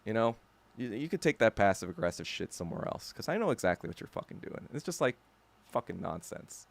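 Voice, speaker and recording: A man's voice: fairly low pitch, very animated, brisk, gravelly. A man hosting a podcast alone, ranting in a heated, profane, emphatic way. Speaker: podcast host. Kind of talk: solo ranting commentary.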